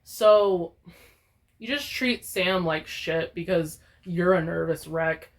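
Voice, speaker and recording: A young woman gaming vlogger, talking casually in an animated, profane, exaggerated rant. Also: fairly low pitch, slow. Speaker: gaming YouTuber. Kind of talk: casual ranting vlog.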